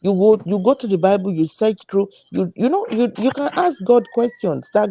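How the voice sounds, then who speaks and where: Gravelly, mellow-voiced mother, earnest. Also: medium pitch, lively intonation, normal speed. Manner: earnest, explaining patiently. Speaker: panelist, mother. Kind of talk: online debate.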